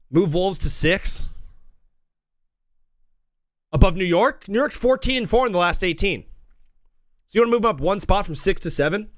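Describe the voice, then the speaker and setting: A man's voice: fairly high pitch, a bit bright, clean tone, dry recording, clean studio sound. Brash young man hosting a live sports stream. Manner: brash, rambling, joking and provocative. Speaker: sports talk show host. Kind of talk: live-stream sports talk, reading chat.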